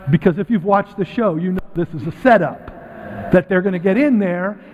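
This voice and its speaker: High-voiced man preaching in a reverberant church. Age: middle-aged. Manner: conversational and animated, acting out quoted voices. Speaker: guest speaker. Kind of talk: church talk to a congregation. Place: church sanctuary. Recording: phone-like, thin sound with long hall reverb.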